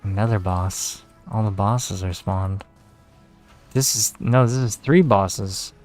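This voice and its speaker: A man giving casual, relaxed commentary while playing a game, tired and talking to himself with some swearing. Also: on the low side, slow pace, faint music behind. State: tired, yawning. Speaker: gaming video creator.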